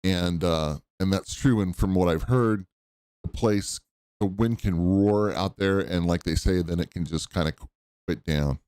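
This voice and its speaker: A man's voice: low voice, a little slow, a little mellow, clear, resonant tone, no echo, clean studio sound. A man in his fifties hosting a podcast, chatting casually and enthusiastically, rambling a little with restarts as he comments on clips. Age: 50s. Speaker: podcast host.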